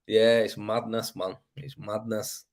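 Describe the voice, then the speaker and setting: A man's voice: lowish voice, flat delivery, a little slow, darkish tone. A man from Leeds with a West Yorkshire accent, chatting casually on a livestream as host, laughing often and rambling. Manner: rambling, laughs often, says "you know what I mean". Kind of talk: casual livestream chat reading comments.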